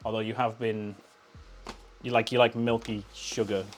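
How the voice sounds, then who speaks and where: A man's voice: fairly low pitch, flat delivery, normal speed, a little hiss or hum. A man chatting casually on a live stream, joking and answering chat while he makes coffee.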